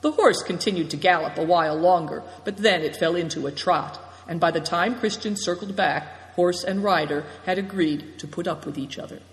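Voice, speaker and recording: A narrator reading an adventure story aloud, with lively, expressive storytelling. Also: medium pitch, moderate pace, few pauses. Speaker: audiobook narrator. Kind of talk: scripted narration. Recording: roomy echo with long reverb.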